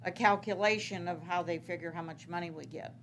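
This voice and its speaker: A woman's voice: fairly low pitch, steady tone, fairly quick, fairly bright tone, a little hiss or hum. Rambling woman at a council meeting. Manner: rambling, many fillers and restarts. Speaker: city transit manager. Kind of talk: answering questions at a council meeting.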